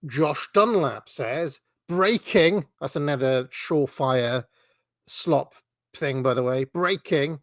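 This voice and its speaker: A man's voice: medium pitch, slow pace, fairly bright tone, no room sound, clean studio sound. A man hosting a commentary channel, ranting sarcastically about fake news and swearing often.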